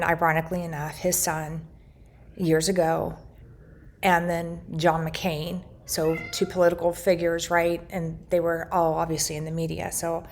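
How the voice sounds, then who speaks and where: A middle-aged woman telling her family's story earnestly, retelling conversations and often restarting her sentences. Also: fairly low pitch. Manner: earnest, recounts dialogue, frequent restarts. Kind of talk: personal storytelling to camera.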